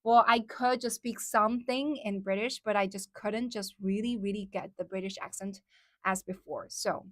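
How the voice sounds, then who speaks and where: A woman's voice: medium pitch, steady tone, moderate pace, no echo, clean studio sound. A woman whose first language is Chinese, hosting a casual livestream and chatting with viewers, with lots of "like" and "um" fillers. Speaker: livestream host.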